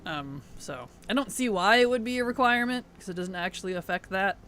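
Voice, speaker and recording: A man's voice: high voice, expressive, brisk, bright, forceful tone, slight background noise. A man streaming a game, chatting casually, laughing often and greeting his chat as he plays. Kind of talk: casual gaming livestream chat.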